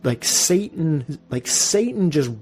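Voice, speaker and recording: A man in his thirties hosting a podcast, telling a story in an animated, profane, casual way. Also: a little high, slow. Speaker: podcast host.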